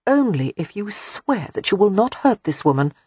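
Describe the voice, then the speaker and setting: A woman's voice: mid-range voice, big pitch swings, moderate pace, warm tone, husky, no room sound, pitched above the performer's own voice. The audiobook narrator voicing a grim, wary young woman.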